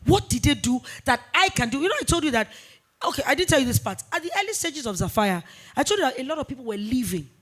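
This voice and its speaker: A woman in her forties, a business founder talking in a fireside chat interview, emphatic and animated, repeating points for weight. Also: high voice, fast talker. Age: 40s. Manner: emphatic, animated storytelling with repetitions.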